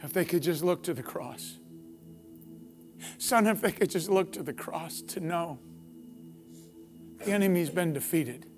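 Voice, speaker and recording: A man preaching a sermon, building passionately to loud, repeated declarations. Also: fairly high pitch, lively intonation, a little slow, pauses often, soft background music. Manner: impassioned, builds to near-shouting peaks; repetitive preaching cadence. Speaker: pastor.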